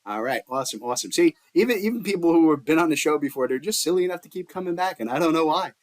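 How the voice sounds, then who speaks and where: Jokey, animated male podcast host. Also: on the high side, racing. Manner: jokey, playful, laughs often. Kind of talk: casual podcast chat.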